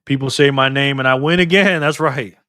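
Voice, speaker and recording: A middle-aged man hosting a casual live stream, lively and teasing, laughing often as he reacts to chat. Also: mid-range voice, a little fast, no room sound, studio quality.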